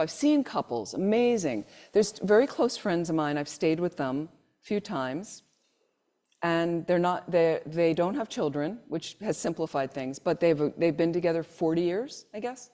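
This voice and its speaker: A woman leads a Buddhist talk for a live group. Her voice sits a little low and sounds warm and relaxed. She tells anecdotes, acts out the people in them, and turns to the room with questions. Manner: asks the audience questions directly. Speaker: Buddhist teacher. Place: meditation centre hall.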